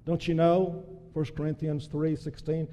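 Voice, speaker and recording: High-voiced fervent preacher in a reverberant hall. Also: male voice, level tone, unhurried, mellow. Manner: fervent, emphatic preaching with repeated restarts. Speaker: pastor. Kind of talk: sermon.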